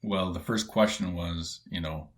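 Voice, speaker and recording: Deep-voiced Canadian man telling stories. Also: measured pace. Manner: animated retelling, acts out quoted voices, many fillers. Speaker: guest, former pro baseball player. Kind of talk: casual storytelling.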